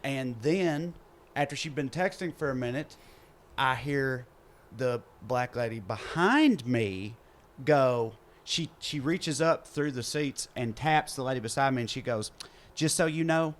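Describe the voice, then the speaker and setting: A man's voice: medium pitch, animated, unhurried. A man with a Southern US accent, a podcast host telling a story in casual chat, acting out the people he quotes, recorded in a theater green room.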